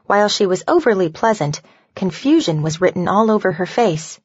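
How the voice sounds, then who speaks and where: A woman narrating an audiobook in an even, measured reading. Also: mid-range voice, husky, dry recording, highs cut off. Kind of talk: scripted narration.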